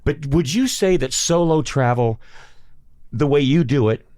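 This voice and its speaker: A man co-hosting a podcast interview, asking questions in a halting way with many restarts. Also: on the high side, expressive, a little mellow. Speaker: podcast co-host.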